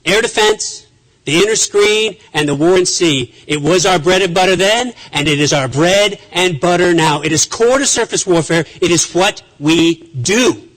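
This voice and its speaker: A man's voice: sits high, normal speed, a bit bright, low-quality recording. A man who is a naval officer, giving an emphatic conference speech and often repeating phrases with restarts.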